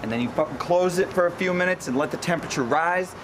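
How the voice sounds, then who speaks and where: A young man runs a crude, swear-laden cooking demo in a brash, instructional rant. His voice sits a little high. It is an echoey home-video recording with clear noise behind him. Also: fast talker. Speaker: cooking show host. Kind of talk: profane comedic cooking demo. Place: kitchen and backyard grill.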